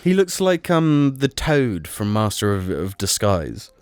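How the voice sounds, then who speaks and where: A man's voice: fairly low pitch, sing-song, measured pace, darkish tone, clear, resonant tone, no room sound. A man co-hosting a podcast in casual comedic chat, laid-back and teasing, swearing casually. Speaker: podcast co-host.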